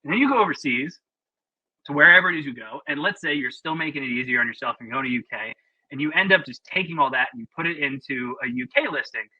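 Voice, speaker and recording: A man's voice: on the high side, expressive, fast talker, breathy edge, dry recording, muffled recording. A man presenting a webinar in a casual, chatty, opinionated way with plenty of fillers, over a video call.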